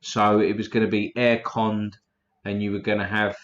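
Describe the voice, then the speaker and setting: A man's voice: lowish voice, flat delivery, normal speed, dull audio. A man hosting a casual livestream, reading chat names aloud in a blunt, profane way.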